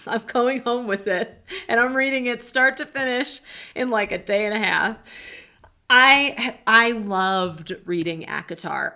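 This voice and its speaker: A woman's voice: mid-range voice, bright, forceful tone. A woman co-hosting a podcast in casual chat, playful and candid, joking as she shares opinions. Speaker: podcast co-host.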